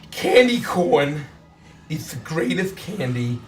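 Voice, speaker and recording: A man playing a comedic tabletop game, excitable and ranting with laughter. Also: fairly high pitch, slow, roomy sound, far from the mic, very noisy. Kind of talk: comedic in-character role-play.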